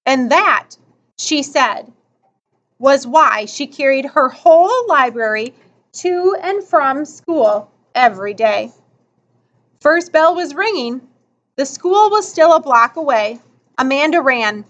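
A woman reading a children's story aloud in an expressive storytelling style. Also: sits high, slow. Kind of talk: children's book read aloud. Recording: slightly muffled recording.

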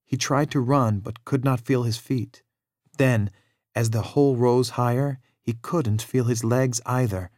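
A man narrating a children's storybook in a steady, measured read-aloud manner. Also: medium pitch, no room sound, clean studio sound.

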